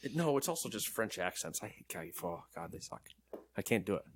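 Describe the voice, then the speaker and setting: A man co-hosting a gaming news show, reading headlines and joking around in casual banter. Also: lowish voice. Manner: joking, animated, quick asides.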